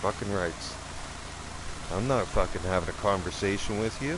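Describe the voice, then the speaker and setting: A man telling a personal story in a casual vlog, animated and profane, often repeating himself. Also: deep voice, normal speed, noisy background. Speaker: vlogger.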